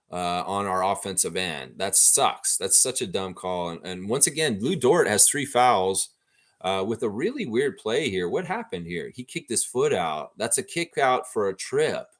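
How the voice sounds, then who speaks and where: A man hosting a livestream watchalong, giving live reaction commentary on a basketball game in an opinionated, excitable way and openly rooting for his team. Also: mid-range voice.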